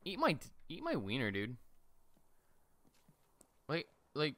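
A man's voice: a little high, huge pitch swings, slow pace, a bit bright, no echo. A young man giving joking, profane gameplay commentary into a desk mic on a stand, with sudden shrieking outbursts. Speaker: gaming streamer.

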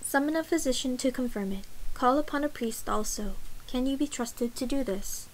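Woman reading cool young empress, clipped orders, kinda high voice. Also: moderate pace, a little hiss or hum, lightly acted, rough recording. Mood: cool command. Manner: calm, clipped commands. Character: cold composed young empress, commanding.

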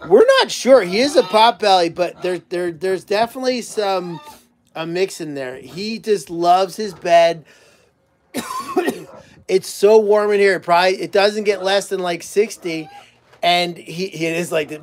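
A man with a notably high voice chats casually on a live stream from inside a barn, gushing about the animals. He drifts into soft, cooing baby talk when he speaks to them, with a faint hiss in the background. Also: measured pace. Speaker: animal sanctuary livestream host.

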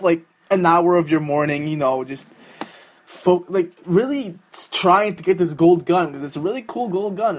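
A young adult doing sarcastic gaming commentary, full of swearing. The delivery is mocking and easily excited, talking straight to the viewer at a middling pitch. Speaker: gaming YouTuber.

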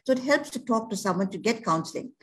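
A woman's voice: on the high side, lively intonation, fast. A woman counselor explaining adoption in a talk show, earnest and reassuring, with many rhetorical questions.

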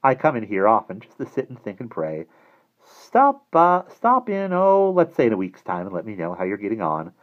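A man voicing a small, soft-spoken, persuasive older man who talks in a purring, coaxing way. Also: moderate pace, dull audio. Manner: purring, coaxing, high and animated.

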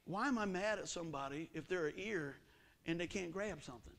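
Gravelly, high-voiced preacher. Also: male voice, brisk. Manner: animated, acts out the story with sound effects and voices. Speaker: pastor. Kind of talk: storytelling sermon. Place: church sanctuary.

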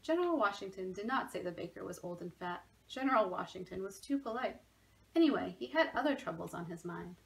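A woman's voice: mid-range voice, animated, brisk, gravelly, poor audio. A woman, a museum education manager, reading a children's story aloud expressively from her home.

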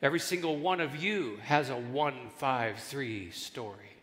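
In a large, reverberant church hall, an unhurried male pastor of medium pitch delivers a sermon full of animated stories, doing the voices in his jokes.

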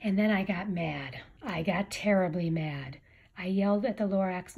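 A woman's voice: fairly low pitch, moderate pace, gravelly, a little mellow, breathy edge, lo-fi sound. A woman reading a rhyming picture book aloud with a rhythmic storybook delivery. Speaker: reader.

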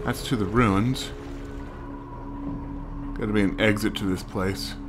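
A man's voice: lowish voice, steady tone, measured pace, music in the background. A man giving wry, joking running commentary while playing a video game. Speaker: let's play gamer. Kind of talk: casual gameplay commentary.

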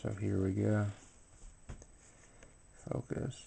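Man, sleepy, low voice, slow, faint background hiss. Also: little pitch movement. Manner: low-key, unhurried commentary with filler words. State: tired and sleepy. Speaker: YouTuber opening a card pack. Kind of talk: casual unboxing vlog.

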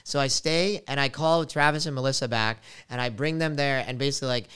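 A young man hosting a podcast, telling a travel story in an animated, casual way with lots of fillers. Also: mid-range voice, fairly quick. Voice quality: very clear voice.

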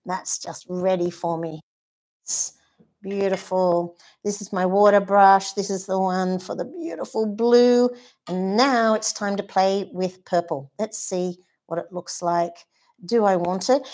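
A woman's voice: medium pitch, a little slow, a little mellow. A woman teaching watercolour painting in a live demonstration. She chats and thinks aloud as she paints, and she gushes about colours and brushes. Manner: chatty, thinks aloud while painting, gushing.

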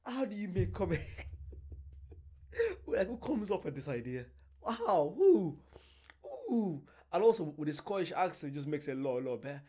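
A man chatting excitably as host of a reaction video. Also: fairly high pitch, fairly quick. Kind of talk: casual reaction commentary.

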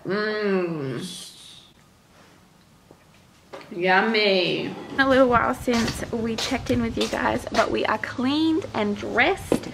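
Chatty Australian mum vlogger, gravelly edge. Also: female voice, on the high side, animated, takes it slowly, pauses often, fairly bright tone. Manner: chatty, keeps addressing viewers as "you guys". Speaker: vlogger, stay-at-home mum. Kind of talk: casual chatty vlog talk to viewers. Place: at home, indoors and in the backyard. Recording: roomy, distant camera audio with noise.

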